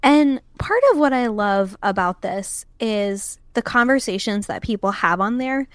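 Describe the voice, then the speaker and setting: A woman's voice: mid-range voice, measured pace, clean tone, dry recording, clean studio sound. A woman co-hosting a podcast, chatting in an emphatic, amused way. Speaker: podcast co-host. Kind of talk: casual chat.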